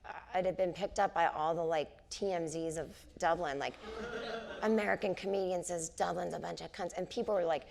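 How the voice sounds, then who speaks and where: A woman's voice: lowish voice, a little fast, creaky, a little hiss or hum. A woman in her forties, a comedian chatting onstage and telling stories, acting out the people in them. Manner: animated storyteller, acts out quoted people. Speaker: comedian and author, interview guest. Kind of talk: casual onstage conversation, storytelling. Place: theater stage before a live audience.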